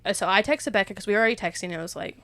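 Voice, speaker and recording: A woman's voice: mid-range voice, very fast, fairly bright tone, no room sound. A young woman, rambling and emotional as she opens up in a casual faith chat, laughing often. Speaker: podcast co-host.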